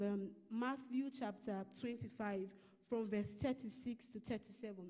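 A woman with a Nigerian English accent giving a measured Bible lesson at a church service, reading scripture slowly and explaining it. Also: fairly high pitch, mellow, in a large hall. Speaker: church minister teaching a lesson. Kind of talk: sermon-style Bible teaching.

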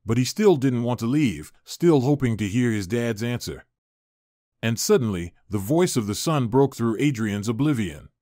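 Male narrator, middle pitch, even scripted read, dry booth sound. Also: normal speed, no echo.

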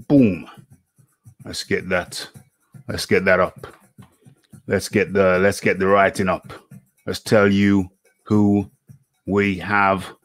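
A man's voice: low voice, fairly bright tone, no echo. A man hosting a live online boxing interview show, chatty, repeating his phrases as he talks through his setup.

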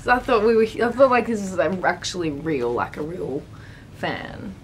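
A woman with an Australian accent giving a relaxed, casual singing lesson in a comedy sketch. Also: fairly low pitch, moderate pace, a little hiss or hum.

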